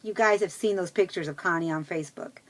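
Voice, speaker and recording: A woman's voice: fairly low pitch, fast talker. Chatty rambling woman vlogger. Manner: chatty and rambling, with many fillers and restarts. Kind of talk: casual personal vlog.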